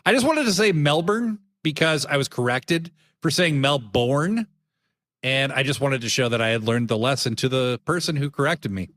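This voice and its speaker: Jokey man, big pitch swings. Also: lively intonation, fairly quick, few pauses, fairly bright tone, no room sound, clean studio sound. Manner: jokey, theatrical, mock-offended. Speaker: co-host. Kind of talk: casual podcast chat.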